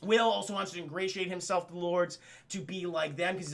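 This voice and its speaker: Young male streamer, high gravelly voice, bright and excitable, profane, chatty recap. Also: fairly quick, few pauses. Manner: excitable, profane, keeps addressing chat. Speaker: streamer and film reviewer. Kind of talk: casual live-stream film recap.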